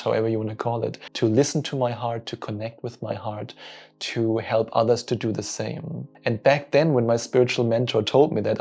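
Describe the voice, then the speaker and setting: A man's voice: medium pitch, gravelly, warm tone. A man who coaches people spiritually, telling an earnest, openly emotional personal story straight to camera.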